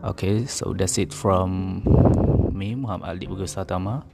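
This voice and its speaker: A man reading an English pronunciation drill aloud, carefully and deliberately, with occasional slips and self-corrections. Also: low voice, creaky, over loud music.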